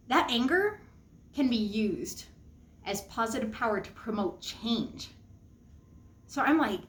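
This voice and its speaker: A young woman vlogger telling a personal story, animated and emphatic, jumping up high when she quotes herself. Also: echoey room.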